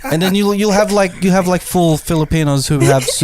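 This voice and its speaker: A man's voice: high voice, a little fast, background noise. Rambling man. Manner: rambling, filler-heavy. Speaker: podcast host. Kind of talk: casual chat.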